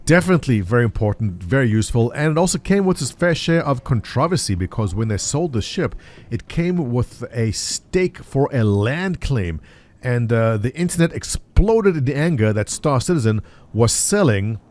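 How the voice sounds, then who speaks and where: A man's voice: medium pitch, darkish tone. A man hosting a gaming video, giving a casual walkthrough commentary, chatty and thinking aloud with fillers.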